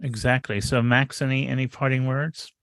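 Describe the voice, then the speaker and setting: A man's voice: medium pitch, flat delivery, normal speed, a bit bright, no echo. Male podcast co-host, dry close sound, wry and rambling delivery. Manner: sardonic, rambling with repeats. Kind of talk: casual podcast chat.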